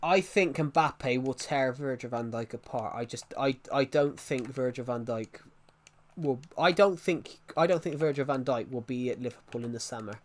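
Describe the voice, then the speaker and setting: A man's voice: medium pitch, moderate pace. Young male streamer, mid-range voice, rambling and opinionated, chatting with his viewers live. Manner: rambling, opinionated, answering chat comments. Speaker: gaming livestreamer.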